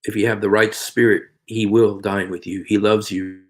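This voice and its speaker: A man's voice: lowish voice, level tone, moderate pace, darkish tone. A man preaching earnestly in a video, pleading with viewers and repeating his phrases over and over. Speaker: Christian preacher and video host. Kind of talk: evangelistic vlog appeal.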